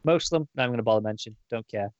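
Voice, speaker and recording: A man in casual podcast chat recaps a comic book issue, rambling through it with fillers and restarts. His voice sits at an average pitch. The recording is dry and a little dull, like a lo-fi home setup. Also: very fast, dry recording. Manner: rambling, many fillers, acts out quoted lines. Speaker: podcast co-host.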